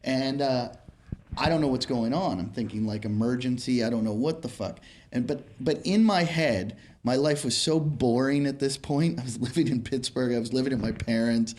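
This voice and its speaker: A comedian in casual chat, telling a rambling story. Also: male voice, mid-range voice, normal speed, a little mellow.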